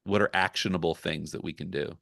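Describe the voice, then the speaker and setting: A man with a low voice talks through his work in a relaxed podcast chat. He is candid and reflective. His sound is dry and close, with no room around it. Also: fast talker, vocal fry, no room sound. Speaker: ghostwriter guest. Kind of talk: casual podcast conversation.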